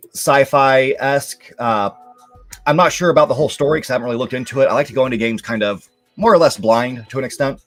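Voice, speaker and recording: A young man hosting a live stream, chatting casually and rambling with many fillers about upcoming games and movies. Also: medium pitch. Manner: relaxed, rambling, lots of fillers. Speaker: show host.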